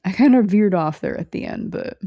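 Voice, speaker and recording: A woman's voice: lowish voice, huge pitch swings, a little fast, creaky, warm tone, slightly rough, no echo, studio quality. A young woman vlogger telling a rambling story in a casual, chatty way, full of fillers and restarts and the odd swear.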